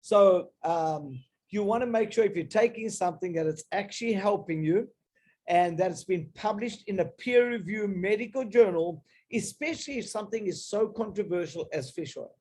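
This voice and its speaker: A man speaks in a high, mellow voice, selling a health idea to a live audience. He is emphatic and persuasive and often breaks off and restarts his phrases. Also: normal speed. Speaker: health supplement presenter.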